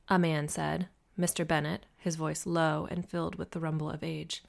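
Gravelly, low-voiced woman narrating. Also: little pitch movement, moderate pace. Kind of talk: first-person audiobook narration.

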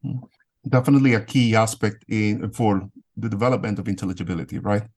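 A man hosting a podcast, formally introducing his guests and asking measured interview questions. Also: fairly low pitch, darkish tone. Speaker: podcast host.

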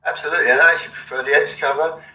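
A middle-aged man telling a rambling, animated story in an interview, swearing freely. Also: a little high, very fast. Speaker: album cover designer, guest. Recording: echoey room.

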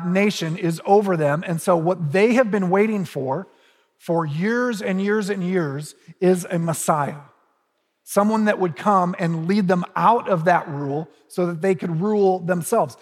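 Male pastor, casual storytelling sermon, husky voice, echoey church hall. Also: high voice. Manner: conversational storytelling with humorous asides.

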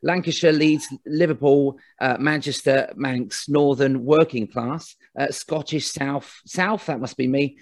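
A man hosting a casual interview, friendly and quick to laugh along. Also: medium pitch, steady tone, no room sound, clean studio sound. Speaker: interviewer, host.

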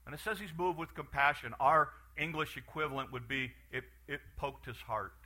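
Male preacher, high voice, very bright tone, animated sermon, repeats himself as he builds. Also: moderate pace. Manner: animated, repetitive restarts, acts out farm scenes.

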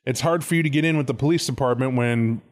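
A man co-hosting a casual podcast, rambling with profanity and quick, animated asides. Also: mid-range voice. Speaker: podcast co-host.

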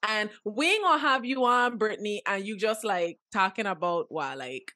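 A woman's voice: mid-range voice, animated, normal speed, sharp tone. A woman co-hosting a podcast, playful and laughing, with casual swearing. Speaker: podcast co-host.

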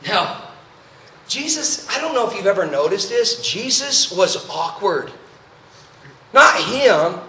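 A man preaching a storytelling sermon as a traveling youth preacher, animated and acting out the voices he quotes. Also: sits high, a little hiss or hum. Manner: animated, acts out quoted voices, quick asides. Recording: echoey hall, mic at a distance.

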